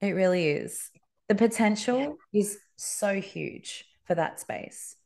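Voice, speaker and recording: A woman's voice: medium pitch, animated, slow pace, vocal fry, a loud crowd. Chatty female educator, wanders through a personal story with many asides. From Australia. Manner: rambling, many fillers and asides. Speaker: guest, Montessori educator. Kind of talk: casual storytelling in an interview.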